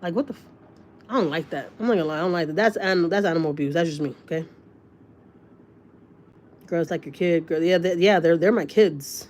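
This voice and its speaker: A woman's voice: fairly low pitch, brisk, pauses often, a little mellow. A woman hosting a casual livestream, reading viewer comments and talking bluntly, swearing freely and piling on fillers. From Texas, USA. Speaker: livestream host.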